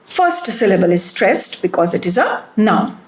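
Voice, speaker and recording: A woman from India with an Indian English accent, giving a recorded phonetics lecture in a slow, deliberate way and repeating each example word. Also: mid-range voice, very animated. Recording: echoey room.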